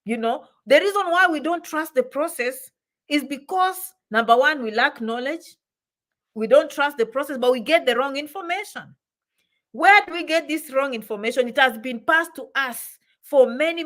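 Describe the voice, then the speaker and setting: Woman, vlog advice-giver, somewhat high-pitched, emphatic and repetitive, code-switches into Swahili. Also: normal speed, fairly bright tone. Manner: emphatic, repeats phrases for stress, mixes in Swahili words. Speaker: immigration advice vlogger. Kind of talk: motivational advice talk.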